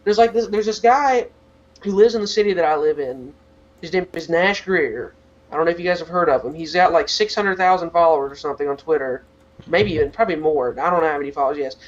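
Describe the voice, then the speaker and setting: A man's voice: on the high side, quick pace, lo-fi sound. A teenage boy co-hosting a podcast, talking in a rambling casual rant full of "like" fillers. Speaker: podcast co-host.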